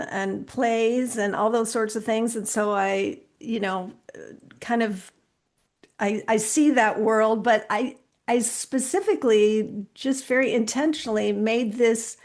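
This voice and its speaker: Woman podcaster on the guest side: earnest, animated, stop-start phrasing, gravelly edge to a fairly high voice. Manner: earnest, animated, with many restarts. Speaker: podcast host interviewed as guest. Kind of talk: casual conversational interview.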